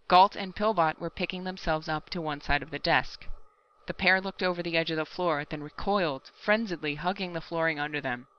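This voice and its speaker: Bright clear woman reading a story. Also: lowish voice, muffled recording. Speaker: audiobook narrator. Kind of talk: scripted narration.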